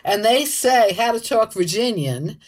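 A woman's voice: fairly high pitch, animated, unhurried. A woman co-hosting a casual chat, checking facts aloud and laughing easily. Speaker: podcast co-host.

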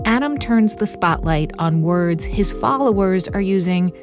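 A woman hosting a radio show, narrating from a script and interviewing a guest in a measured, curious way. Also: mid-range voice, expressive, over music.

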